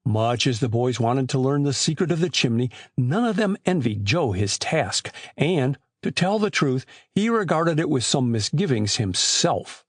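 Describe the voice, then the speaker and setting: A man narrating an audiobook with expressive, scripted storytelling on a close mic. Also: mid-range voice, a little slow, few pauses, slightly rough, dry recording.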